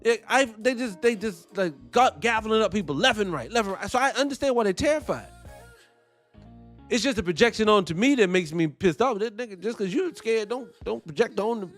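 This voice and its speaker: High-voiced preachy male show host. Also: expressive, brisk, soft background music. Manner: preachy, blunt, profane street talk. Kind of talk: impassioned monologue.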